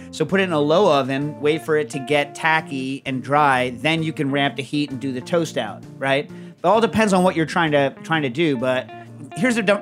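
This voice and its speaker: A middle-aged man hosting a casual chat show, telling stories in a rambling, animated way with lots of fillers. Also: a little high. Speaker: podcast host.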